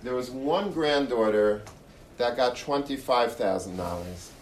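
A man's voice: mid-range voice, lively intonation, a little slow. A man delivers an earnest Torah talk, circling back over his phrases as he tells a story. He sounds set back from the microphone in a roomy, echoing space. Faint background noise sits under his voice. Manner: earnest, repeats and restarts phrases. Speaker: Torah lecturer. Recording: echoey room, mic far off, faint noise.

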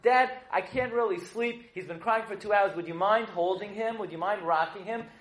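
A man's voice: high-pitched, moderate pace, fairly bright tone. A man voicing Pharaoh's young daughter, coaxing and breezy, in a comic retelling. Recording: echoey room.

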